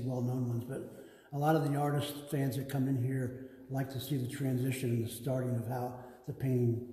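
A man giving a museum tour, telling relaxed, rambling stories about his father. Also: medium pitch. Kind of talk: casual storytelling on a tour. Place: large museum gallery indoors. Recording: echoey gallery with long reverb.

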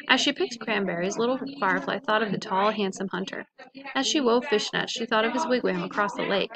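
A woman teacher reading a children's picture book aloud in a clear, gentle storytelling voice. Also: mid-range voice, brisk, crowd noise, low-quality recording.

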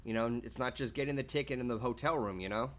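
A man's voice: medium pitch, fast talker. A man streaming live and chatting casually with his viewers, reading their messages aloud and swearing freely.

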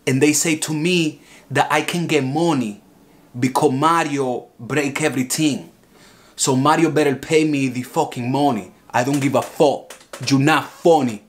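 An actor playing an angry, boastful heckler who speaks broken English and rambles, bursting into shouts. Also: male voice, a little high, close to an everyday voice. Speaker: heckler filing a lawsuit.

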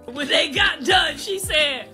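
Older woman, high bright voice, slow loud laughing rant, streamed clip. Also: expressive, faint music behind. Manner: laughing, loud, profane storytelling. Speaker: livestreamer. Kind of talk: casual live-stream rant.

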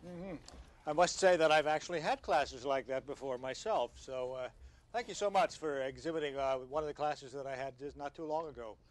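A man's voice: on the high side, brisk. A man giving a conference talk in a conversational way, asking the audience questions. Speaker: conference speaker. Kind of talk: motivational talk.

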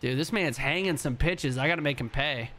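Brief: man hosting a gaming video, excitable and profane, high, bright voice. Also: a little fast, a little hiss or hum. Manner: excitable, profane, talks to chat. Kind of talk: let's play commentary.

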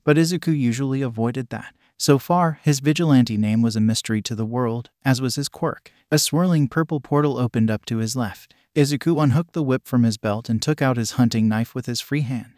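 A man narrating a fan fiction story in a steady storytelling manner. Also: mid-range voice, brisk, hardly any pauses, dry recording, studio quality.

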